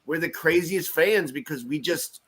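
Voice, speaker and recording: A man co-hosting a casual fan chat show, telling stories with animated swings and frequent laughs. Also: on the high side, normal speed. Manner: animated storytelling, laughs often. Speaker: podcast host.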